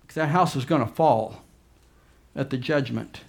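A man preaching a fervent sermon as pastor, swinging between loud urgent emphasis and quiet low asides. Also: measured pace, gravelly.

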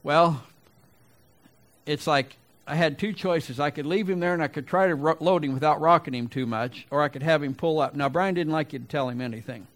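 A middle-aged man delivers a sermon in a folksy, storytelling manner. His voice sits a little high for a man, and he builds to rhetorical questions. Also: brisk, fairly bright tone. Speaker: pastor.

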